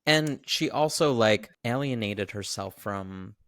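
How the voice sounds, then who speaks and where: A woman's voice: a bass voice, animated, takes it slowly, no echo, studio quality. A woman co-hosting a casual film chat, wry and blunt, with casual swearing. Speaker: podcast co-host.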